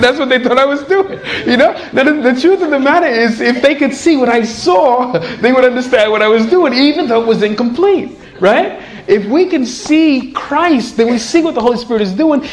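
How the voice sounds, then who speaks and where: Guy preaching, pretty high voice, gets animated and laughs a lot. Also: normal speed, hardly any pauses. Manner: animated, laughs often, acts out quoted voices. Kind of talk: sermon.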